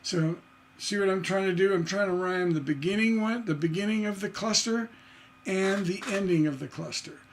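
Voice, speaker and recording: A man's voice: sits high, normal speed, slight background noise. A man teaching songwriting on a livestream, enthusiastic and singing rhythm syllables to show his points. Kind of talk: livestream lesson.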